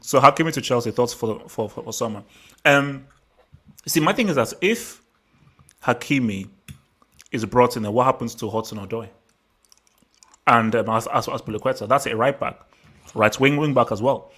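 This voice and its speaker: A man's voice: medium pitch, normal speed, pauses often, a bit bright. A man hosting a casual football chat on a video call, often stumbling over repeated words. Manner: repeats words, stammering restarts. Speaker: host.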